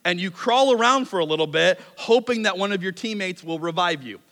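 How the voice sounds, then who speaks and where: A man in his thirties preaching a sermon as a pastor, telling stories in a relaxed, self-deprecating way and acting out quotes. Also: high-pitched. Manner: conversational, self-deprecating storytelling with quick acted-out quotes. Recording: long hall reverb.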